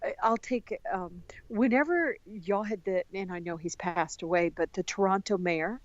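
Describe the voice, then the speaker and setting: An American woman chatting as a podcast guest, talkative and animated, often restarting her sentences. Her voice sits mid-pitch, the sound is dry and a bit dull. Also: normal speed, no room sound. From United States. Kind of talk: casual conversation.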